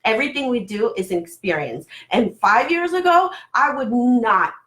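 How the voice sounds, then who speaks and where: A woman business coach giving an earnest, excited motivational talk to camera, her voice cracking with nervous excitement. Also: a little high, moderate pace.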